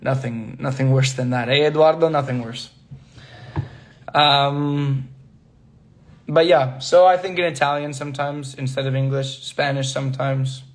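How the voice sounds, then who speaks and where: A man's voice: mid-range voice, steady tone, measured pace. A young man in his twenties on a phone livestream, chatting casually and answering viewer questions, switching languages and laughing often. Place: indoors, working away from home.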